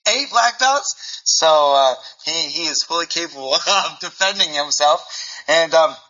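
Man, preacher, bright tone, stop-start phrasing with repeats, acts out dialogues; muffled lo-fi recording. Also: fairly high pitch, unhurried. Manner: repeats words while restarting sentences; acts out dialogue in lively voices. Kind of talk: sermon. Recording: dull lo-fi recording.

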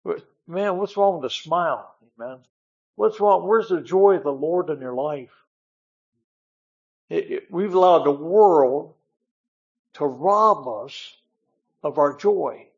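A man's voice: a little high, lively intonation, slow, long pauses, dull audio. Man preaching a folksy sermon, "amen" often. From northern United States. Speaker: guest preacher. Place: church.

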